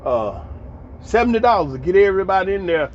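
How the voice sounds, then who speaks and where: A man's voice: high-pitched, sing-song, quick pace. A man doing a boastful dad. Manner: boastful, breezy, exclaims. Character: cheerful middle-aged dad bragging about a family day out. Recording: dull lo-fi audio with faint background noise.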